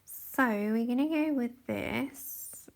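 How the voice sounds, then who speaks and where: A young woman colours during a livestream and chats casually, giggling, into a camera placed near her face. She speaks slowly in a creaky voice on the high side.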